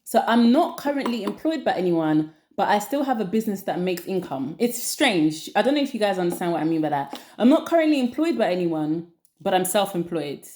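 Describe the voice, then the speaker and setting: A woman's voice: medium pitch, very animated, brisk, a little mellow, a little hiss or hum. Chatty woman in a roomy space. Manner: chatty, rambling, repeats phrases for emphasis. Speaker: vlogger. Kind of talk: casual chat to camera. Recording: roomy echo.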